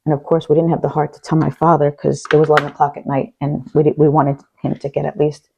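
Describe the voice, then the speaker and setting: A woman's voice: low voice, monotone, fast, creaky, highs cut off, noisy background. A middle-aged woman vlogger, rambling bluntly through a personal story while doing her makeup. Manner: rambling, blunt, swears, fillers like blah blah. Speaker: beauty vlogger. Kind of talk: casual get-ready-with-me chat.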